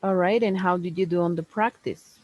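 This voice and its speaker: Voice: medium pitch, steady tone, no room sound, highs cut off. Patient English teacher. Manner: patient, explains slowly, ends points with "no?" and "right?". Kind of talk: one-on-one online grammar lesson.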